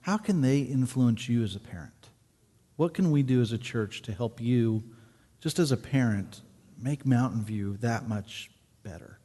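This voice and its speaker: A male pastor hosts the talk, earnest with a joking streak. His voice sits at a middle pitch. It echoes with a long reverb through a large church hall. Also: lively intonation, measured pace, dark tone. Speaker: pastor and host. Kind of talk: casual stage conversation in church. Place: church sanctuary.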